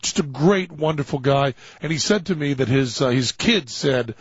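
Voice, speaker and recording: A man hosting a talk show, telling a long comic anecdote in an animated way and acting out other people's lines. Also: medium pitch, normal speed, hardly any pauses, husky, dry recording. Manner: animated storyteller, acting out quoted voices. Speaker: radio show host telling a story. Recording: dull lo-fi dry studio sound.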